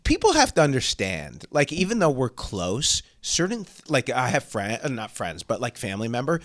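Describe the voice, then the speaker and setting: A man co-hosting a podcast, animated and stumbling over his words in casual chat. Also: medium pitch, moderate pace, dry recording, studio quality. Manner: animated, stumbling, repeats himself. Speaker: podcast co-host.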